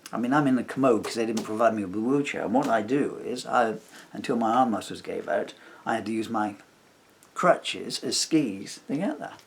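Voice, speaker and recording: A vlogger with a fairly low, gravelly voice speaks at normal speed, airing a long, indignant grievance. His retelling wanders, and he acts out what other people said.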